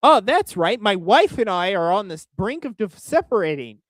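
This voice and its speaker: A man's voice: sits high, sing-song, normal speed, dry recording. A young man from Oklahoma giving crude, exasperated reaction commentary on a video as a streamer, with frequent restarts.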